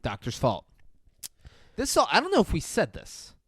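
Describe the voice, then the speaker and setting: Blunt, swearing podcast co-host. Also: male voice, sits high, huge pitch swings, normal speed, a bit bright, breathy edge, dry recording, clean studio sound. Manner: blunt, profane, mocking commentary. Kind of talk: casual movie review chat.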